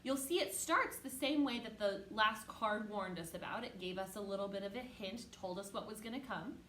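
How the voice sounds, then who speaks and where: A woman teaching an online music lesson to young children, patient and encouraging, who chants rhythm syllables loudly for the kids to copy. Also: medium pitch, normal speed, echoey room, slight background noise.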